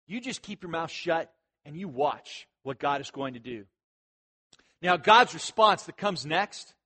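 A man preaching an expository sermon, conversational with asides, at times shouting commands for emphasis. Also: sits high. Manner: animated, shouts imperatives for emphasis. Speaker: pastor.

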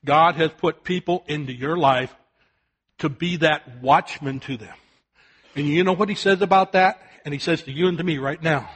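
Older man, preacher, high voice, bright tone, folksy storytelling, shouted warnings and hushed appeals. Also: moderate pace, husky. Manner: swings from loud shouted warnings to soft quiet appeals. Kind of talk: sermon.

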